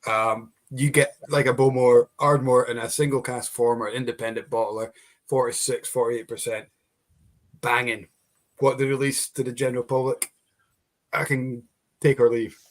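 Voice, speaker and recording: A man's voice: medium pitch, flat delivery, normal speed. Man hosting a casual whisky chat. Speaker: host. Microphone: video call.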